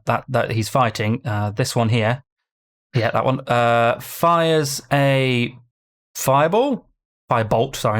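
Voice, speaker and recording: A man running a tabletop game as game master, narrating haltingly and correcting himself often. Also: mid-range voice.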